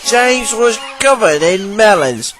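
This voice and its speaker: A man narrates a children's storybook slowly and gently. His voice sits a little high and moves in lively, melodic arcs. Music plays behind him. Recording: background music.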